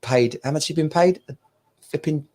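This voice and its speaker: Man, thirties, casual podcast co-host, slightly high voice, lively storytelling, laughs often. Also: brisk. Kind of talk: casual chat.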